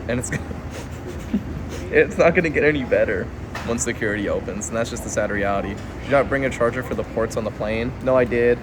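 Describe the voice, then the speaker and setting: A man's voice: medium pitch, fairly quick. A young man livestreaming from an airport terminal floor on his phone, rambling in a half-whispered, self-mocking way. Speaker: streamer. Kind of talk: casual livestream chat. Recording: phone stream with airport noise.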